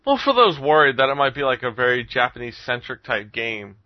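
A man's voice: mid-range voice, sing-song, a little fast, no echo, highs cut off. A man hosting a casual podcast chat, rambling with lots of ums and frequent chuckles. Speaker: podcast host reviewing games.

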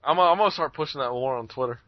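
A man's voice: mid-range voice, fast talker. A man co-hosting a podcast, chatting casually, joking and swearing. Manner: joking, profane, laughing often. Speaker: podcast co-host. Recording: dry, muffled podcast recording.

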